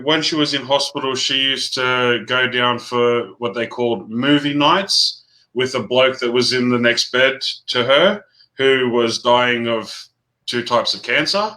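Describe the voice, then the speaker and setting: Man, mid-pitched, bright and forceful; earnest, halting personal storyteller. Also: low-quality recording. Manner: earnest, halting, with frequent restarts. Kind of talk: personal storytelling in casual chat.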